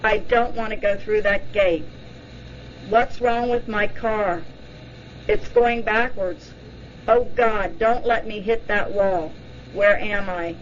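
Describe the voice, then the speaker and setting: A woman's voice: medium pitch, slow pace, slight background noise, natural voice. A woman voicing a frightened woman reliving an abduction under hypnosis, pleading in the first person, on a dull lo-fi recording. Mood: distressed.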